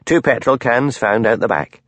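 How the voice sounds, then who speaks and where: A man's voice: mid-range voice, normal speed, no room sound, close to an everyday voice. A man reading as a terse fire chief. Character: laconic male village fire chief.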